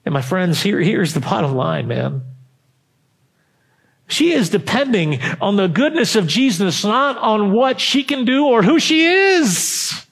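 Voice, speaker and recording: A man preaching a sermon, emphatic and fervent, rising to loud peaks and dropping low, often asking the congregation questions. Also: big pitch swings, a little slow, creaky. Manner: addresses the congregation directly with questions. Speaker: pastor.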